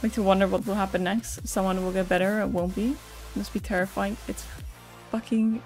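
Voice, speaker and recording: A Twitch streamer with a medium-pitched, steady, somewhat dark voice talks fairly quickly over faint music. She chats openly and emotionally with viewers in a casual live stream, swearing, laughing, and reading their messages out loud.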